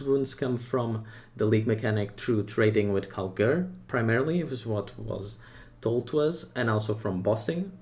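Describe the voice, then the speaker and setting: Guy hyped about a game update, chatty opinions, mid pitch. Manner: excited, talks in short bursts with opinions and asides. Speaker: gaming content creator. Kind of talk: casual game update commentary.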